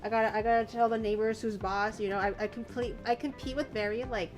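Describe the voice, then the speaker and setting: A woman hosting a casual chat stream, telling stories in an animated, rambling way. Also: on the high side, quick pace, faint music behind. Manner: chatty, animated storytelling with restarts. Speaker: streamer host.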